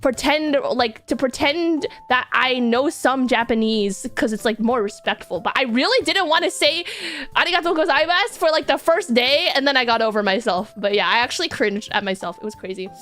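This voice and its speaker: A woman's voice: a little high, moderate pace, hardly any pauses, fairly bright tone. A young woman streaming, chatting casually in a rambling, giggly, self-deprecating way. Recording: faint music behind.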